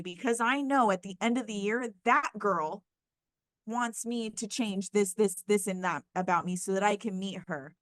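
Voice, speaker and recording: A woman co-hosting a podcast in casual chat, excited and emphatic, swearing freely. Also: mid-range voice, normal speed, no room sound. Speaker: podcast co-host.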